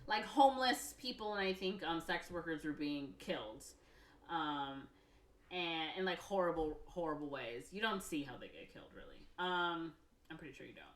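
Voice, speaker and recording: A woman's voice: deep voice, lively intonation, moderate pace. Rambling woman retelling a movie. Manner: rambling, lots of "like" and "um", acts out characters. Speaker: podcast co-host. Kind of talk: casual movie recap. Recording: roomy, distant mic.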